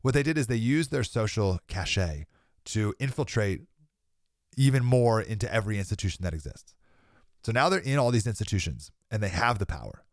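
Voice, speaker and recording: Earnest man preaching with lively pitch. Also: fairly quick, no echo, studio quality. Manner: earnest, emphatic, laughs between points. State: slightly sick with a cold. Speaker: podcast host. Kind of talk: preaching monologue.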